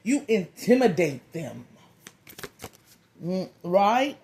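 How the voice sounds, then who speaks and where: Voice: mid-range voice, big pitch swings, very slow, darkish tone. A tarot reader giving a comedic reading in a loose, slangy, playful way, with profane jokes and lots of repeated phrases. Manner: profane joking.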